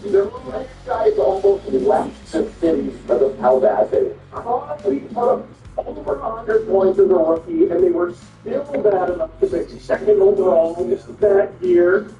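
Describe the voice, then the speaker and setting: Man, casual game commentary, profane and rambling, roomy distant dull recording. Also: very high-pitched. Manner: rambling, profane sports talk. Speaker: gaming video host.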